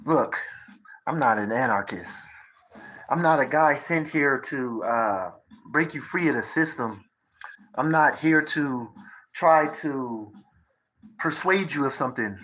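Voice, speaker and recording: Thirties male streamer, unhurried drawl, rambling profane rants with rhetorical jabs at the audience. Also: mid-range voice, lively intonation, a bit bright, low-quality recording. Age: 30s. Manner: profane, lecturing, conspiratorial, asks rhetorical questions. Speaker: livestreamer. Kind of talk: rambling livestream monologue.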